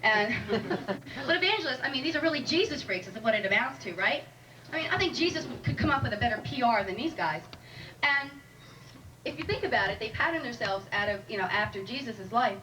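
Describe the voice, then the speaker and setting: A woman's voice: a little high, lively intonation, brisk. Wry woman doing stand-up, distant mic. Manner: wry, chatty, teasing the audience. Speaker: stand-up comedian. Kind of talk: stand-up comedy set. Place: comedy club stage. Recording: live room recording from a distant mic with audible noise.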